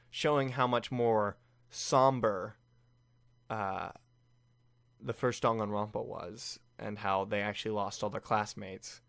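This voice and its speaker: A young man giving casual reaction commentary on an anime, excited and laughing, briefly mimicking the characters' lines. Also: fairly low pitch, no echo.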